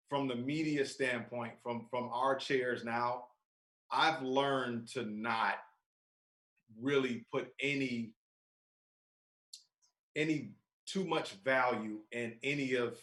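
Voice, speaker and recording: A man co-hosting a casual sports podcast, speaking in a laid-back, calm and measured way. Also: medium pitch. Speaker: podcast co-host. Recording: roomy echo.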